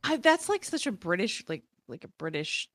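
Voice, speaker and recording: A woman co-hosting a casual chat, animated and swearing freely. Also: medium pitch, normal speed, no room sound, studio quality. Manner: animated, swears freely, slips into joking voices. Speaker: podcast co-host.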